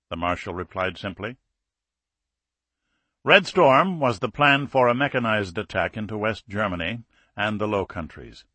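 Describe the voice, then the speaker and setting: Guy reading an audiobook, measured and steady, bright voice. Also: on the low side, dry recording. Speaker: audiobook narrator. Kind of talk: scripted narration.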